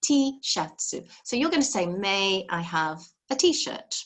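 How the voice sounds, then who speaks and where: A woman's voice: medium pitch, sing-song, slow, fairly bright tone. A woman teaching a live beginner language lesson over a video call, patient and encouraging, explaining step by step.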